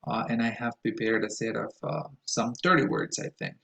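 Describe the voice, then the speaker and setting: A man's voice: medium pitch, moderate pace, gravelly, bright, forceful tone, low-quality recording. A man whose first language is Spanish lectures his students on English word stress. He explains carefully, with plenty of "uh" and "um" between phrases. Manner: careful, explanatory, with frequent "uh" fillers. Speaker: English pronunciation teacher.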